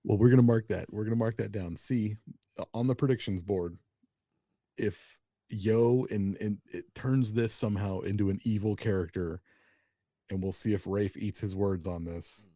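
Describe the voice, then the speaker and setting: A man's voice: on the low side, normal speed, mellow, no room sound. A man co-hosting a wrestling podcast in casual, laid-back chat. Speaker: podcast co-host.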